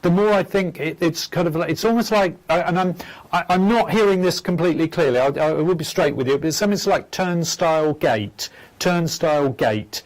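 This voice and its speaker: Male psychic host, gentle and stammering, slightly raised pitch. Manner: halting, stammering, gentle and soft-spoken. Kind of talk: live phone-in mediumship show.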